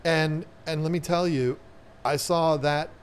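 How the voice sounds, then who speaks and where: A man's voice: on the high side, steady tone, a little slow, a little hiss or hum. A man with a Southern US accent hosting a casual live chat, rambling and repeating words as he talks. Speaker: aquarium channel host.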